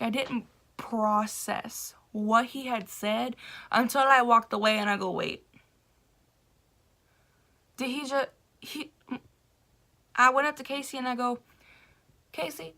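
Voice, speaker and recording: Bright-voiced young woman telling a story. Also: fairly high pitch, measured pace, gravelly, long pauses. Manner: animated, laughing, acts out quoted voices. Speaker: vlogger. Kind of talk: casual storytelling vlog.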